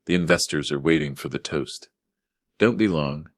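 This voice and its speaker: Brief: man playing a menacing, silky wife, sharp-tongued, dry close mic. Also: very deep voice, moderate pace, dry recording. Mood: cold. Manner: purring, sharp. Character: cold scheming young wife, smooth and menacing.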